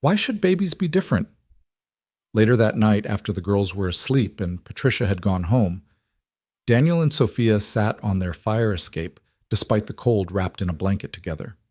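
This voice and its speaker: Guy narrating a family story, lowish voice, dry close sound, unhurried. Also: a little mellow, dry recording.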